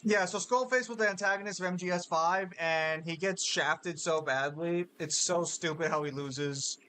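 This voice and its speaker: A man streaming a game, talking in profane, animated banter while mock-arguing with friends. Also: on the high side, normal speed. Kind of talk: casual gaming banter.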